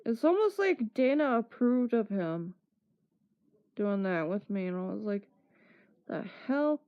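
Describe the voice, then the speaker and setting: A woman streamer spins a casual story in an unhurried, mid-range voice with big pitch swings, acting out what people said and laughing between lines. The stream audio is dull and lo-fi.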